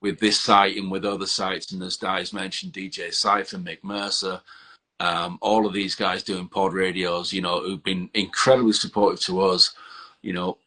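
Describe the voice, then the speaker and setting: A man's voice: deep voice, flat delivery, moderate pace, sharp tone. A man in a band, talking enthusiastically and repetitively as an interview guest. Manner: enthusiastic, repetitive, lots of "you know". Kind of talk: casual interview chat.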